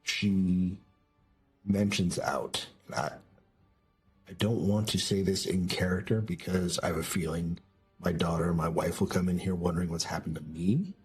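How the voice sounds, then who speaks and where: A man narrating a tabletop game as game master, slow and descriptive with hesitant restarts. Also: sits low, steady tone, husky, faint music behind.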